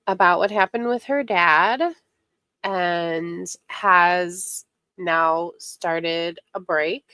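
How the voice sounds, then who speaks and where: A woman's voice: mid-range voice, a bit bright, dry recording, studio quality. A woman hosting a casual livestream chat, congested from a head cold, greeting viewers by name as she rambles along with fillers. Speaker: livestream host.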